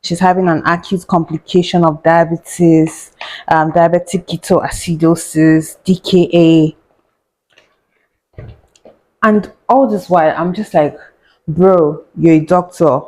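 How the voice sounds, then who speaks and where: A woman's voice: lowish voice, steady tone, unhurried, darkish tone, low-quality recording. Sarcastic woman chatting while cooking. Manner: sarcastic, chatty, laughs often, mutters to herself. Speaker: doctor and vlogger. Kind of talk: casual storytime chat while cooking.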